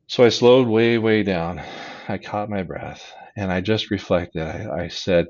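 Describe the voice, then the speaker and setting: A middle-aged man, a chaplain, telling stories in an unhurried, halting way, often chuckling. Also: low voice, highs cut off. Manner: unhurried, halting, chuckles softly while recalling. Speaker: hospital chaplain and disaster volunteer. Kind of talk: reflective storytelling in conversation.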